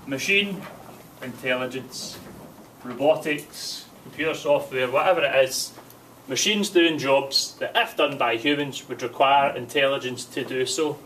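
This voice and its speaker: A man's voice: mid-range voice, a little slow, a little hiss or hum. Male teacher, distant classroom recording. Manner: relaxed, chatty, quizzes pupils. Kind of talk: classroom revision lesson.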